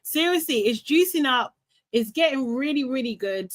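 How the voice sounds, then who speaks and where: A woman's voice: high voice, moderate pace. Ranting young woman live-stream host. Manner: animated and ranting, with frequent laughs and repeats. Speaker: host of a live reality TV recap show. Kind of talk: casual live-stream chat.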